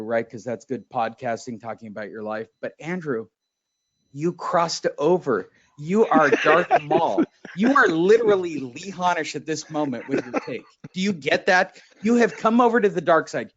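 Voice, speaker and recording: Excitable, swearing male podcast host. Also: fairly high pitch. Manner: excitable, swearing, laughing, theatrical. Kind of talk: casual podcast chat. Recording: dull, lo-fi sound.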